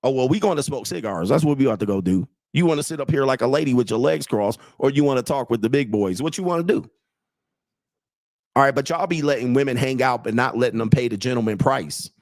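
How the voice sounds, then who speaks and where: A host and dating coach in his late forties talks fast on a livestream, with few pauses, in a medium-pitched, darkish voice. Crude and blunt, he reads chat, mocks people and laughs at his own jokes, with no room sound.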